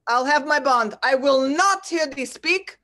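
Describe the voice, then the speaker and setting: A woman reading the part of a bitter male moneylender in an unrehearsed play reading, insistent, with sudden jumps in pitch. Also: a little slow, pushed and bright.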